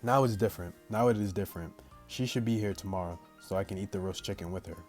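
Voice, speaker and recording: A man reading a visual novel's text aloud in a plain, steady way, breaking off now and then to chat casually with his viewers in slang. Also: low-pitched, fast, soft background music. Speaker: gaming channel host.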